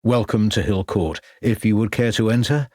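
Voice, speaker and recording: An elderly, deferential manservant, as the narrator puts him on, courteous and formal with a slightly lowered voice. It is heard close in a dry booth. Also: male voice, steady tone, moderate pace, dark tone, no echo, lightly acted. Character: elderly deferential male household servant.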